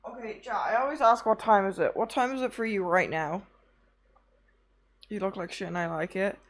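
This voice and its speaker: A young woman streaming, chatting casually with her chat, tired from little sleep, rambling through anecdotes and swearing often. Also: medium pitch.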